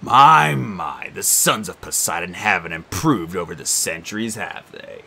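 Sneering ghost of an ancient king, low and unhurried, menacing, read by a male narrator. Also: animated, gravelly, pushed and bright, husky, full character voice. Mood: sneering menace. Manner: slow, mocking, menacing.

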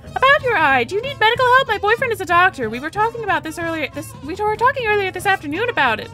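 A woman voicing a chatty, nosy young German woman tourist in her twenties, talking high and prying. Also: big pitch swings, fast, bright, forceful tone, soft background music, exaggerated voice. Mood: eager. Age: 20s.

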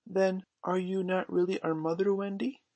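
A man voicing a small, sleepy boy who speaks high, slow and doubtful. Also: level tone, darkish tone, dry recording. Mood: puzzled.

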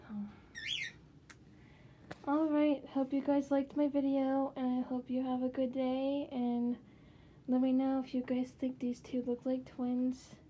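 A woman's voice: high-pitched, flat delivery, a little slow, warm tone, a little hiss or hum. A woman casually showing her doll collection in her bedroom, chatty and rambling with frequent fillers. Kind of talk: casual room tour vlog.

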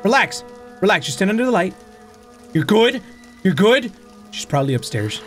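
A man playing a horror game and commenting, panicky and swearing, often shouting in fright and dropping Spanish exclamations. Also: sits high, big pitch swings, normal speed, pauses often, faint music behind. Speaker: gaming streamer.

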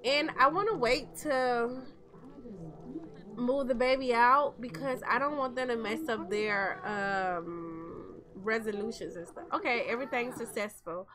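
A woman's voice: on the high side, a little slow, crowd noise. A young woman, chatting casually over gameplay and talking to her viewers as "y'all". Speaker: gameplay commentator. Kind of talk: casual game commentary.

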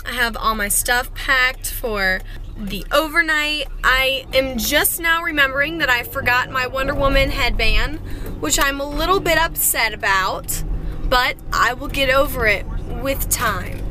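A woman's voice: sits high, bright, forceful tone. A young woman vlogging to camera from her car, chatty, flustered and in a rush. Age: young adult. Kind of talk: casual vlog to camera.

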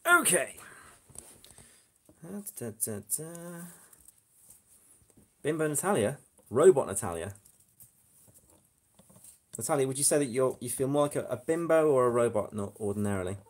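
A man's voice: mid-range voice, expressive, fairly quick, pauses often, a little mellow. Casual male stream host, phone-recorded, talkative and joking. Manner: chatty, joking asides to viewers. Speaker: hypnotist livestream host. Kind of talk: casual live-stream chat. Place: flat indoors. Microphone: phone camera.

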